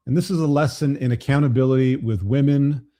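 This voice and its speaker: Male show host, blunt and profane, mellow dark voice, mid pitch. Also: a little fast. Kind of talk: live show commentary.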